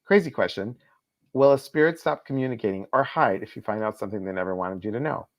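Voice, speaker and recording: A man's voice: lowish voice, animated, quick pace. A man hosting a casual live-stream chat, reading viewers' comments aloud and answering them. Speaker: host. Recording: slightly dull lo-fi stream audio.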